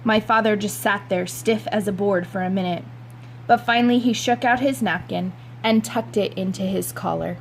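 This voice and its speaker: A woman's voice: medium pitch, normal speed, slight background noise, poor audio. A woman reading a novel aloud, narrating in a wry, conversational first-person voice. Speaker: reader.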